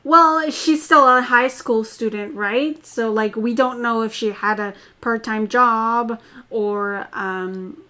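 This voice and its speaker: A woman's voice: fairly high pitch, slow pace, bright, forceful tone. A chatty, enthusiastic woman talking casually in a book club, often saying "like". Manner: chatty and enthusiastic, says "like" a lot. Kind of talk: casual group discussion.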